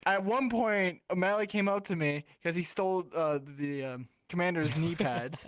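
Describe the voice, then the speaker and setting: A podcast guest telling a story in an animated, profane way, acting out what others said. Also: mid-range voice, moderate pace, no echo. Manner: animated, swearing, acting out quotes.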